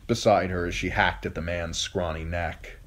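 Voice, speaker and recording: A male audiobook narrator with a deep, low voice, reading a fantasy chapter aloud. He tells the story steadily, fixing an occasional slip as he goes. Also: steady tone, moderate pace, a bit bright. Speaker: audiobook reader. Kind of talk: scripted narration.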